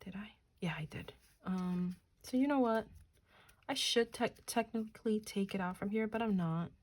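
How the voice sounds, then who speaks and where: A woman's voice: medium pitch, moderate pace, darkish tone. A woman in her thirties from New Jersey, chatting casually while counting cash aloud and muttering to herself. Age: 30s. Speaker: budgeting channel host.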